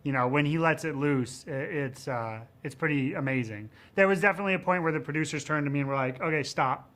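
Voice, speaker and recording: Rambling male film director, animated. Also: on the high side, quick pace. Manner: rambling, frequent "you know what I mean" and "um"; gets animated and louder telling set stories. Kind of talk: promotional interview.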